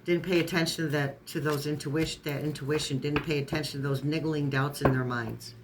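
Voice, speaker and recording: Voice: mid-range voice, fairly even intonation, fairly quick, noisy background. A tarot reader in a casual online reading who strings card keywords together, stumbles and corrects words, and adds sarcastic asides.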